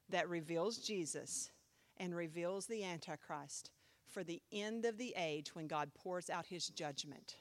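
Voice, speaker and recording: A woman pastor teaching a Bible class in a chatty, animated way, often asking the class questions. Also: mid-range voice, no room sound.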